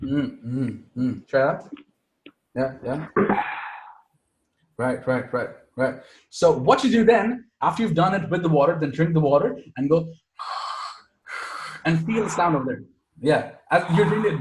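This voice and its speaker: Lively male singing teacher. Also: on the high side, a little slow, long pauses, echoey room, background noise. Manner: chatty, checks in with "right?" constantly. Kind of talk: casual online music lesson. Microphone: video call.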